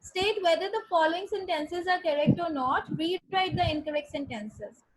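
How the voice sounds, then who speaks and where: High-voiced woman teaching grammar. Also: normal speed, low-quality recording. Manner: patient, spells words letter by letter and repeats sentences. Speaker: English teacher. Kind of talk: online grammar lesson.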